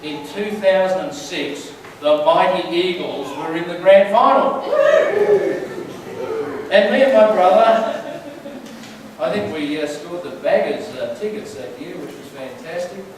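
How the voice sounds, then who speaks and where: A man's voice: high-pitched, measured pace, noisy background. A man giving a conversational sermon in a church, telling stories and asking the crowd questions. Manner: chatty, storytelling, asks the crowd questions. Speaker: church speaker. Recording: very echoey hall, mic far off.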